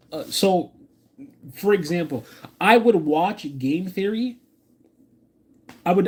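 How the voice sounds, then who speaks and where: A man streaming a reaction, rambling and excitable, talking to his chat and restarting his sentences often. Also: fairly high pitch, slightly rough. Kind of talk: live stream reaction commentary.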